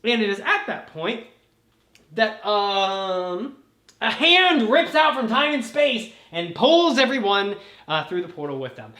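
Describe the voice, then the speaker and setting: A woman hosting a casual chat, retelling a story in an animated way, laughing and swearing as she goes. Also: medium pitch, measured pace. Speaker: host. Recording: roomy echo.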